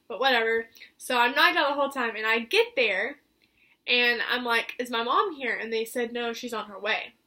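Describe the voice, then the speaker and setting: A woman's voice: high voice, sharp tone. A young woman telling a personal story to camera in a chatty, filler-heavy way, acting out what others said. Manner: chatty, filler-heavy, acts out quoted voices. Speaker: vlogger.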